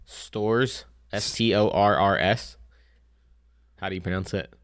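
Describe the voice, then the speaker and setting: A man's voice: fairly low pitch, slow pace, crowd noise. A man co-hosting a podcast, reading news stories and chatting bluntly. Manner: laughs often, blunt. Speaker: podcast co-host. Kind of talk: casual banter, reading news aloud.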